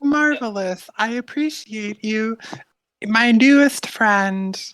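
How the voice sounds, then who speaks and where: A man's voice: high-pitched, takes it slowly, clear, resonant tone, no room sound, pitched above the performer's own voice, low-quality recording. A man voicing a hulking armored guard with a timid, shy voice. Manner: shy, soft-spoken.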